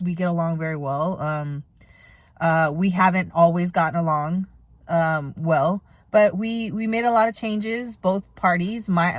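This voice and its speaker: A woman's voice: lowish voice, no echo. A young woman from the United States telling a rambling, candid story to her vlog audience and swearing freely. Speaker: vlogger.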